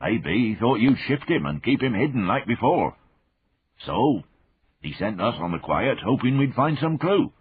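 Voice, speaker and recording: A man's voice: mid-range voice, very animated, measured pace, slightly rough, pitched above the performer's own voice, heavily acted. A man voicing a big, wary soldier turned spy who speaks deferentially, calling his listener sir and my lord, in an audiobook reading. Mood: confiding. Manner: respectful, placating, addresses listener as sir and lord. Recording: phone-like narrow band.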